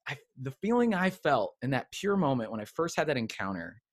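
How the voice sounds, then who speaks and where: Middle-aged male interview guest, animated storyteller, acts out quotes; mid-range voice. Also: medium pitch, fairly quick, dry recording, studio quality. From United States. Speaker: guest, creative coach.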